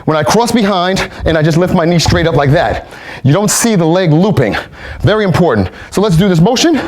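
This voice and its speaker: A man instructing kung fu movement drills, explaining steps calmly and barking out counts while demonstrating. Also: high voice, a little fast.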